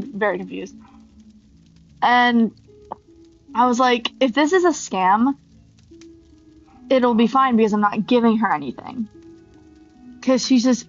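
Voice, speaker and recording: A woman hosting a gaming channel, telling a casual story in a rambling, animated way with lots of ums. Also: a little high, lo-fi sound. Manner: rambling, animated retelling with many fillers.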